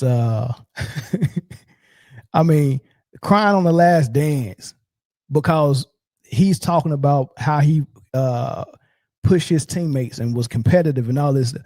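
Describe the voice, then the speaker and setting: A man hosting a sports commentary show, ranting in a mocking, profane and animated way. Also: a little high, dry recording.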